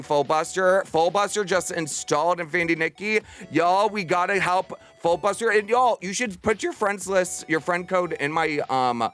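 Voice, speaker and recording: A young male livestreamer chats casually with his viewers from a room at home, bubbly and affectionate, talking fast. His voice is fairly high, a little bright, and clean in tone.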